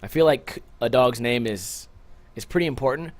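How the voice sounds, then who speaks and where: At a moderate pace and in a mid-range voice, this man runs a podcast alone. Short on sleep, he chats in a loose, rambling way, cracking jokes and cursing heavily.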